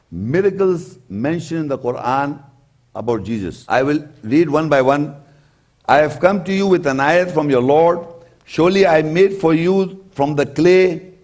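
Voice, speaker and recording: A man preaching, giving a religious lecture that explains scripture deliberately and emphatically, repeating his key points. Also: medium pitch, a little mellow. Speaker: Islamic preacher.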